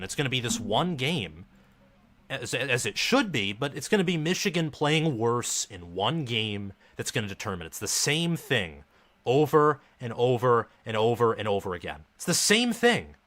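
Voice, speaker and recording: Bright-voiced frustrated man commenting live. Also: medium pitch. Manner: frustrated, dejected fan talk. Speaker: live stream host.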